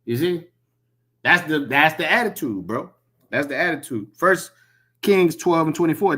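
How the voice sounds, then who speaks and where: A man's voice: fairly high pitch, expressive, moderate pace, pushed and bright. A man giving a profane, emphatic preaching commentary, repeating himself and reading scripture aloud. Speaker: religious commentator.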